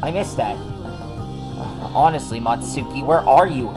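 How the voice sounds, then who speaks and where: A man's voice: medium pitch, normal speed, music in the background, poor audio. A man hosting a drawing show, chatting casually in a rambling way with many fillers and restarts. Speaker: host of a drawing channel. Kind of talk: casual chat while drawing. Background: song playing in the background.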